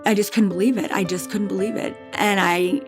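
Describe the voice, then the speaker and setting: A middle-aged woman telling a painful personal story in a podcast interview, halting and emotional, with restarts and repetition. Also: medium pitch, steady tone, over music. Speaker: bereaved mother guest.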